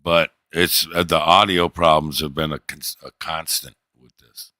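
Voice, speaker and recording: Hosting a laid-back livestream, this low-pitched man chats aimlessly, swears a lot, and tells joking tales while doing voice impressions. He sounds forceful and bright yet keeps a steady tone and measured pace, recorded close and dry without any room sound.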